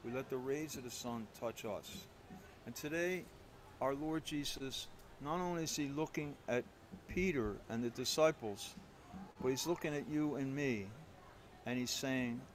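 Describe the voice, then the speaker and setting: Man, priest, homily, conversational storytelling, self-deprecating, mid-pitched voice, faint background noise. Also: unhurried. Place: church.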